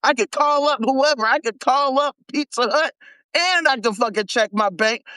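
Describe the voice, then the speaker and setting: A man from the United States hosting a live stream, talking in a casual, animated, heavily profane and slangy rant, often repeating himself for emphasis. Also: very high voice, moderate pace, smooth, no echo. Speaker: host.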